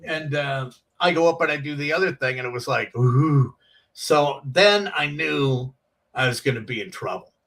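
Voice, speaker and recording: A man's voice: on the high side, lively intonation, moderate pace, gravelly, sharp tone, recorded from a distance. A middle-aged man, a guest comedian, telling rambling anecdotes on a chat show and acting out the quotes.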